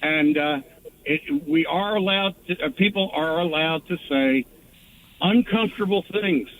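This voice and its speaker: A male caller on a radio show, speaking haltingly with many pauses and restarts. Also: a little high, a bit bright. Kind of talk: call-in talk radio. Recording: phone line.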